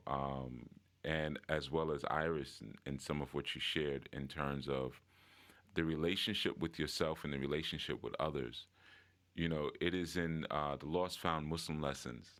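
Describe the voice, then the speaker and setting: Deep male voice, relaxed reflective sharer in a group call, talks in loose run-on sentences. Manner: reflective, conversational, many fillers and restarts. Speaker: participant in online group call. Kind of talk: casual sharing in a group call. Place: online audio room.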